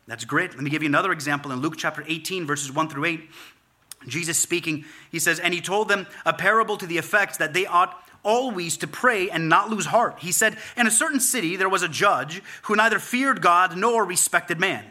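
A man's voice: fairly high pitch, fairly quick, pushed and bright. A man preaching a sermon as pastor, repeating key words for emphasis as he builds each point. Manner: preaching with repetition and rising emphasis.

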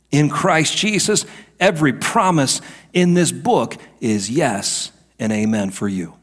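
A middle-aged male pastor preaching a sermon, moving between hushed asides and emphatic declarations. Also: mid-range voice.

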